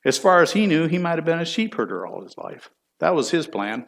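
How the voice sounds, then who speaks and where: A man's voice: a little high, very animated, fairly quick, gravelly. A middle-aged man, a church elder, teaching a Bible class in a folksy, chatty way and putting questions to the class.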